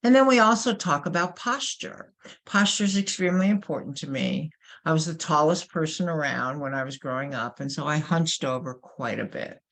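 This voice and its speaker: A woman with a New York accent giving a webinar presentation as a workshop presenter, emphatic and animated, asking rhetorical questions. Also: sits low, normal speed. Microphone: webinar microphone.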